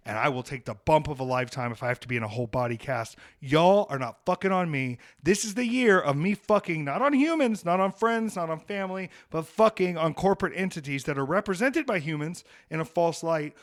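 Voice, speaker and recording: A man's voice: on the high side, expressive, fairly quick, few pauses. A young adult man hosting a podcast, ranting in a heated, profane and emphatic way. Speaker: podcast host.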